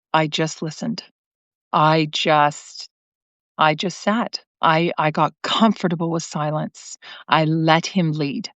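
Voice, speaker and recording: A woman's voice: low voice, no room sound. Earnest woman telling a story on a livestream. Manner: warm, earnest storytelling with frequent restarts. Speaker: host. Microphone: computer mic on a live video stream. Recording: dry, slightly muffled stream audio.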